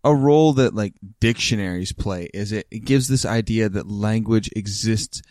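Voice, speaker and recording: A man's voice: fairly low pitch, normal speed, darkish tone, dry recording. A man on a casual drinking podcast, musing at length in a thoughtful, rambling way with some swearing. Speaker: podcast co-host. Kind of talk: casual chat over drinks.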